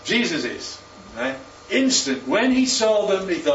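A man's voice: high-pitched, very animated, measured pace, gravelly, a little hiss or hum. Man preaching in a roomy church hall. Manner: interactive, asks the congregation questions. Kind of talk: sermon. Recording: roomy, distant, muffled hall recording.

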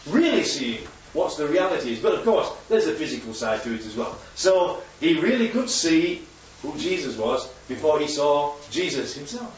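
Male preacher, interactive sermon, animated; high-pitched and lively; distant, dull recording. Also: moderate pace, a little hiss or hum. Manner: animated, asks the congregation questions. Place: church hall. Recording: echoey hall from far off, dull.

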